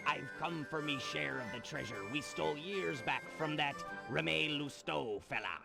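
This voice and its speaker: A rough, cantankerous pirate. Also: male voice, a little high, normal speed. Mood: gruff. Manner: pirate slang, blunt insults. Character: wiry male pirate, cantankerous and greedy. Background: game music.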